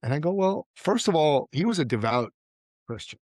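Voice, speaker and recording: A man's voice: a little high, very animated, normal speed, darkish tone, dry recording. A man from Iran, a podcast guest and entrepreneur, telling stories in casual interview talk. He acts out the people he quotes and often says "like" and "right?".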